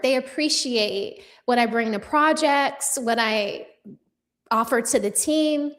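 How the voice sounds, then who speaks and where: A woman's voice: on the high side, slow, fairly bright tone. A young adult woman hosting a casual livestream, chatting with viewers in a sassy, profane way with lots of fillers. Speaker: livestream news commentator.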